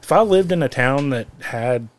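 A man's voice: mid-range voice, animated, normal speed. A man hosting a podcast, talking casually and with strong opinions, restarting and repeating words as he builds his point. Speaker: podcast host. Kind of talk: casual chat.

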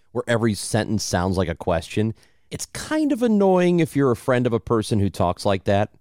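A man's voice: sits low, dry recording, clean studio sound. A young man from Southern Illinois with a slight Southern Illinois accent, chatting casually as a podcast co-host and telling stories with many restarts. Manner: animated, storytelling, many restarts. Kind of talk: casual chat.

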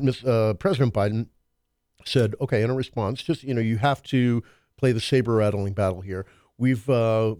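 This talk radio host has a fairly low, slightly mellow male voice, recorded at studio quality with no room sound. He muses on current events in casual political talk, rambling and hesitant, with lots of fillers.

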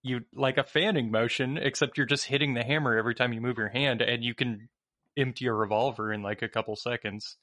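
Relaxed podcast guest man, dry sound. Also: mid-range voice, fairly quick, no echo. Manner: relaxed, explains step by step. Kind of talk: casual gaming podcast chat.

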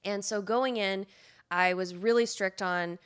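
Young woman on a podcast, clear smooth voice, lots of ums and restarts. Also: mid-range voice, fairly even intonation, unhurried. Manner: laughs often, many fillers and restarts. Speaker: podcast guest, YouTuber. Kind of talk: casual podcast interview.

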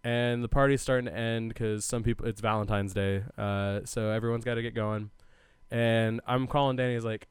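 Easygoing male co-host, mid-pitched, very clean resonant voice, dry. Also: fairly even intonation, brisk, clean tone, no echo. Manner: laid-back, agreeable, swearing. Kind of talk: casual chat.

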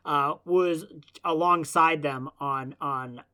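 A man's voice: fairly high pitch, steady tone, takes it slowly, sharp tone, clean tone. A man co-hosting a casual film podcast, talking in long rambling runs with many restarts and fillers. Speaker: podcast co-host.

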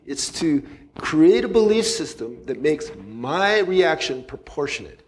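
A man with a fairly high voice talks through ideas as a psychologist guest in an easy conversational way. He is blunt and candid, drops casual swear words, breaks into laughter at his own asides, and acts out the voices of people he quotes. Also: sing-song, measured pace.

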